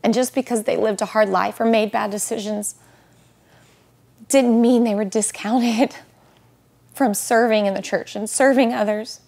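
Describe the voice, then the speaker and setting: A woman speaks in a heartfelt, earnest interview voice. Her voice has a gravelly fry and a husky, breathy edge. She slows down and softens on the words that matter. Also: a little high, steady tone. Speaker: guest, widow sharing her story. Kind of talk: emotional faith interview.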